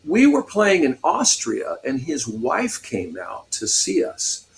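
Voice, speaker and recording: A man's voice: fairly high pitch, wildly swooping pitch, takes it slowly, creaky. A man in his sixties from Pasadena, California, a guest guitarist animatedly telling stories in a radio interview and laughing often.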